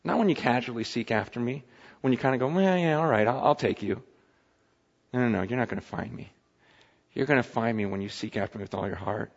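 A man pastor preaching a sermon with impassioned swings between loud pleading and hushed confession. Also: medium pitch, quick pace, vocal fry, breathy edge, long reverb tail, muffled recording.

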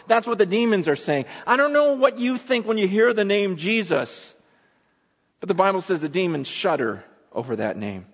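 A man delivers an Easter sermon in a dramatic storytelling manner, leaning hard into some words and dropping to a near hush on others. His voice sits a little high for a man. It carries with the long reverb of a large hall. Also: big pitch swings, moderate pace, husky. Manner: dramatic storytelling, swinging from loud urgency to hushed intensity. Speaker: pastor.

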